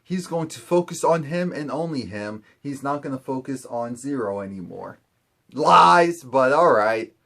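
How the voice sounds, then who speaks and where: A young man casually recapping a TV episode, quickly acting out the characters in quoted asides. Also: mid-range voice, animated, vocal fry, a bit bright. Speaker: TV recap host.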